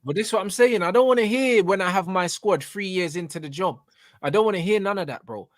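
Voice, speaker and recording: A young man, voice pitched a touch higher than most, argues his football opinions with passion and frequent swearing. He keeps asking whether you know what he's saying. The sound is dry and close, with no room behind it. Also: expressive, fast, dry recording. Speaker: co-host, football fan. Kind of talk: casual football debate.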